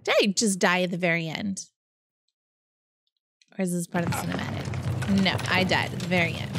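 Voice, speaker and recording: A woman gamer giving casual commentary on her gameplay, excitable and swearing often. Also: lowish voice, normal speed, pauses often, background noise. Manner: excitable, swears a lot, laughs at herself. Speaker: let's play gamer. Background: loud game music and gunfire.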